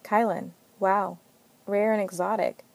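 A woman's voice: medium pitch, steady tone, a little slow, creaky, a little mellow. A woman voicing an earnest, protective male officer in a story reading, speaking with concern. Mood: charming.

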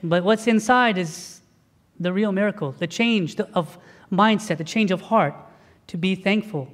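High-voiced priest preaching in a reverberant hall. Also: male voice, a little slow. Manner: animated storytelling, acting out dialogue. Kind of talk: sermon.

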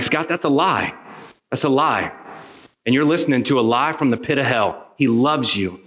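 A pastor telling a personal story in a sermon, acting out the voices of the people in it. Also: male voice, mid-range voice. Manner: animated storyteller acting out dialogue.

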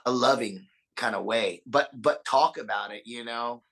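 A man's voice: medium pitch, a little slow, sharp tone, husky, rough recording. A man speaking as a podcast guest in casual conversation, earnest, often repeating and restarting words and swearing freely. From Austin, Texas. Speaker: podcast guest, punk singer.

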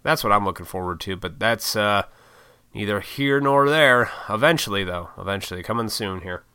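A man's voice: on the low side, animated, normal speed, pushed and bright, smooth, no room sound. A man in his thirties chatting on his own vlog, rambling and swearing casually with frequent laughs. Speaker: YouTuber and podcaster. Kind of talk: casual solo vlog chat.

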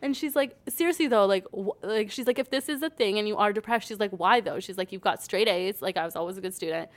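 A chatty young Canadian woman, a podcast guest, tells stories in a casual chat, talking fast at a medium pitch. She says "like" in every phrase and acts out quoted dialogue.

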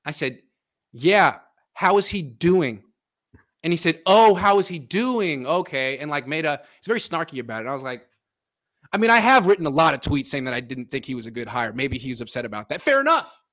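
A man's voice: mid-range voice, big pitch swings, quick pace, sharp tone. A man hosting a casual sports podcast, animatedly breaking down football film and chatting with his father. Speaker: podcast host.

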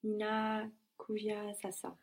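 A woman's voice: medium pitch, completely flat delivery, takes it slowly, gravelly. A woman answering as a student in a language lesson, careful and a little hesitant.

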